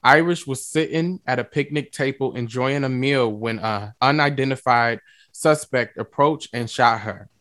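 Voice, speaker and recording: A man hosting a music and talk radio show, lively and playful, with slang and drawn-out emphasis. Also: mid-range voice, no room sound.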